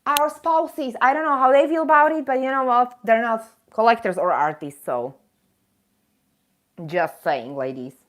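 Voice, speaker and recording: Woman on a live stream going off about stuff, kinda high voice, emphatic, chatty with the viewers. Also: a little slow, fairly bright tone. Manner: indignant, emphatic, addresses viewers as ladies; self-mocking, chatty asides. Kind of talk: impassioned live chat rant.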